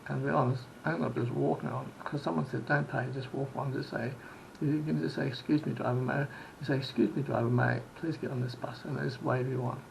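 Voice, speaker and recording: A man's voice: mid-range voice, steady tone, fast talker, creaky, a little hiss or hum, rough recording. A man from Sydney telling a rambling travel story in a casual vlog, full of restarts and quoted exchanges. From Australia. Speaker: vlogger.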